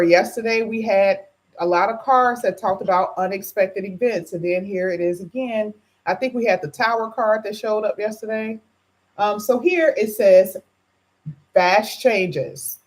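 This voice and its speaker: A woman's voice: medium pitch, a little mellow. A woman who has just woken up, doing a chatty live tarot reading and greeting her viewers by name. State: just woke up, voice low. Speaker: tarot reader.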